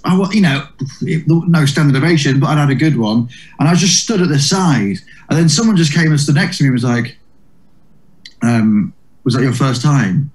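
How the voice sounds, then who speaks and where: A man's voice: fairly high pitch, darkish tone. Rambling man telling comedy-circuit stories. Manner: rambling, many restarts and "like"s. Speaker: comedian, guest. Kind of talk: casual interview anecdotes.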